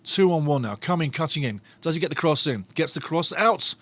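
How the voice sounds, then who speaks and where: Excitable fan calling a match. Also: male voice, on the high side, a little fast. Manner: animated, repeats phrases, laughs often. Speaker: fan commentator on a watch-along stream. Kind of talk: excited live match commentary.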